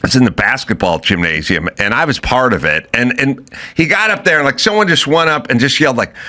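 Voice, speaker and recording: Lively, bright-voiced man telling stories. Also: medium pitch, brisk. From Los Angeles. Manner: rambling storyteller, acts out quotes loudly. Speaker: podcast host. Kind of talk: casual chat.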